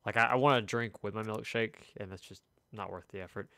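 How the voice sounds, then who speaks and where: A man's voice: on the low side, fairly even intonation, fast talker, vocal fry, pushed and bright, no echo, clean studio sound. A young man streaming a game, telling a long rambling story with chuckles in casual chat. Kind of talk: casual chat while gaming. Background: faint video game gunfire.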